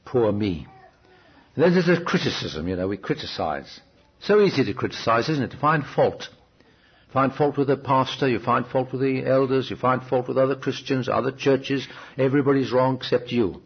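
Male preacher, mid-pitched and husky, chatty sermon style, lo-fi cassette recording. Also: a little fast. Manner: conversational storytelling, asks the listeners questions. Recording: dull, restored cassette recording.

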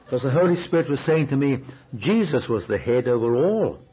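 Male preacher, mid-pitched and husky, chatty sermon style, lo-fi cassette recording. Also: lively intonation, fairly quick. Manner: conversational storytelling, asks the listeners questions. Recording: dull, restored cassette recording.

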